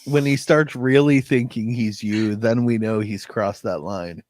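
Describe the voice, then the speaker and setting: A man's voice: on the low side, a little slow, darkish tone. A man co-hosting a casual podcast. He drops dry wisecracks at the guest.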